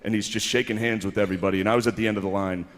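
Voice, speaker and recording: A man's voice: fairly low pitch, steady tone, rapid-fire. A male comedian telling a rambling story in stand-up at an awards show, laughing between lines. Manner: rambling anecdotal delivery with laughs. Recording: echoey hall with faint noise.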